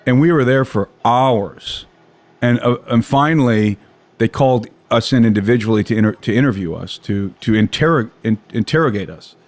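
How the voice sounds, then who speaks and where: A man's voice: medium pitch, moderate pace. An American man with a mid-range voice tells a personal story in a loose, conversational way. He circles back on himself often, restarting and repeating words as he goes. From United States. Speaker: guest telling a story.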